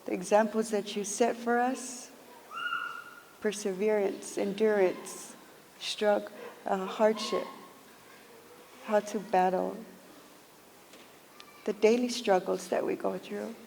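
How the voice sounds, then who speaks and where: A woman giving a funeral tribute to her father at a church service, speaking in measured, emotional phrases. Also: mid-range voice, fairly even intonation, creaky, a little mellow. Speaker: eulogy speaker. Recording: echoey hall with faint noise.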